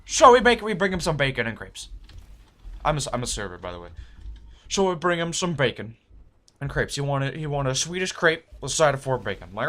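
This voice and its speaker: Animated young man telling a story. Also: a little high, quick pace. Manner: animated, profane, acts out quoted voices. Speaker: server telling a work story. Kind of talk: casual storytelling vlog.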